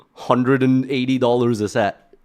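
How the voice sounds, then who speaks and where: A man's voice: mid-range voice, fairly even intonation, slow pace, darkish tone. A man giving reaction commentary on a video, blunt and incredulous, swearing at times.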